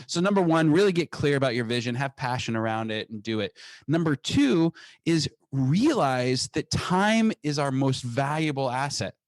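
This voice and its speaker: A man's voice: mid-range voice, big pitch swings, moderate pace, no echo. A man, a company founder, talking energetically as an interview guest, often restarting and repeating words. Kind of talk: conversational podcast interview.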